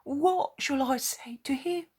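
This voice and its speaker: A woman's voice: sits high, slow, darkish tone, pitched above the performer's own voice. A woman voicing a remorseful grown fisherman apostle who pleads anxiously and tearfully. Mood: pleading.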